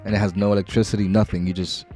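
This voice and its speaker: A man's voice: fairly low pitch, little pitch movement, rapid-fire, dark tone, soft background music. A man co-hosting a podcast, talking loosely and joking with friends, swearing often. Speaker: podcast co-host. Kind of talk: casual chat.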